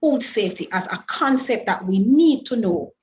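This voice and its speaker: A woman with a voice on the high side and lively intonation gives an online food safety lecture, peppering her audience with rhetorical questions. She explains carefully and deliberately, often restarting phrases. Her webinar microphone sounds a little mellow, with the highs cut off and slight background noise.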